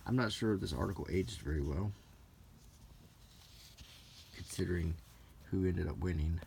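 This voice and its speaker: A man from the United States softly reading aloud from an old magazine and musing in asides, in a soft-spoken unintentional ASMR style. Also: deep voice, moderate pace, vocal fry, slight background noise. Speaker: host flipping through an old magazine.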